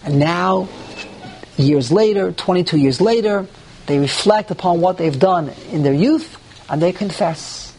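Animated man teaching a Torah class. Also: high voice, unhurried. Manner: reads Hebrew verses aloud, then translates and explains them; animated, with rhetorical questions and mock dialogue.

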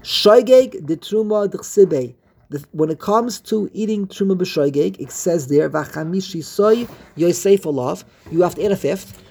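Man, Talmud study leader, husky and high, chants the text. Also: normal speed. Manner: teasing and lively, chanting the text in a singsong. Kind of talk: Talmud study class, teaching and reading aloud.

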